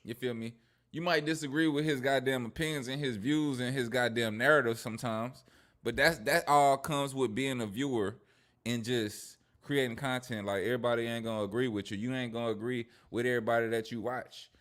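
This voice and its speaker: A man's voice: mid-range voice, fairly even intonation, fairly quick, a bit bright. Profane, slangy male commentator. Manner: profane, slangy, laughing rants. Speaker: streamer and commentator. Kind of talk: casual reaction commentary.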